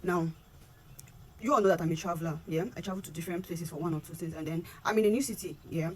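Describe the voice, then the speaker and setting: A woman's voice: fast talker, a little hiss or hum. A young Nigerian woman with a Nigerian accent, venting to her phone camera in an earnest, aggrieved vlog and mixing in Pidgin. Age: young adult. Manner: earnest and aggrieved, repeats words and rises in pitch when heated, mixes in Pidgin. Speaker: vlogger. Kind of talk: impassioned direct-to-camera rant.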